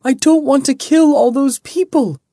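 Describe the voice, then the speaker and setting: A woman's voice: high voice, normal speed, dark tone, no room sound, studio quality. A woman voicing a desperate young woman dangling in a storm, frantic, pleading and sobbing.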